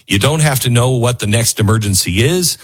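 A man's voice: medium pitch, expressive, a little fast, breathy edge. A man hosting a talk radio show, rambling and self-mocking as he reads ads and riffs on news stories. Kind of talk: talk radio monologue with host-read ads.

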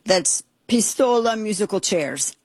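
A woman hosts a talk show in loose, incredulous chatter, stumbling over her words and circling back. Her voice is husky and breathy. It is recorded close and dry in a studio. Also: medium pitch, animated, a little slow, a little mellow, no room sound. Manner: incredulous, rambling, stammering restarts. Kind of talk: casual talk show banter.

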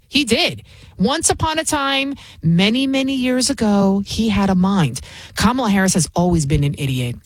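A woman's voice: mid-range voice, no room sound. Combative, sarcastic woman talk host. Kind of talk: political commentary talk show.

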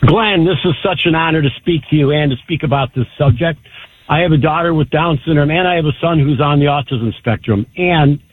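A man's voice: fairly high pitch, a little fast. A middle-aged man calling a radio show, eager and heartfelt. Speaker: caller. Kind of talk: call-in radio talk. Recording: tinny phone line, faint noise.

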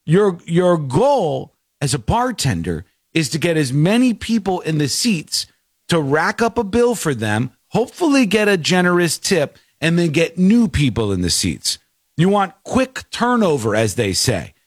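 A man's voice: on the high side, unhurried, husky, dry recording. Talk show host guy, ranting, voice jumping all over, dry close mic. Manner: animated, ranting, acts out quotes. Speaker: podcast host. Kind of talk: casual chat.

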